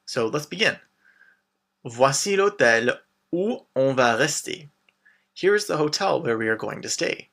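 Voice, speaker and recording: An animated man with a mid-range voice, vocal fry and a fairly bright tone narrates a scripted beginner language lesson at a measured pace. He patiently encourages the learner through frequent short prompts and repetition, switching between English and French.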